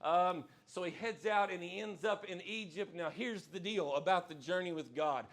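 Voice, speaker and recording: A man's voice: high-pitched, moderate pace, fairly bright tone. A man preaching a live sermon in a church, emphatic and folksy, repeating his key lines. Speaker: pastor. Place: church sanctuary, live service.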